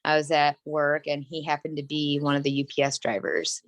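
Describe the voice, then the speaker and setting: A woman's voice: low-pitched, steady tone, brisk, no room sound. A woman in her thirties, an interview guest, candidly telling a personal story in a rambling, earnest way, full of "like" and "you know". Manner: earnest and emotional.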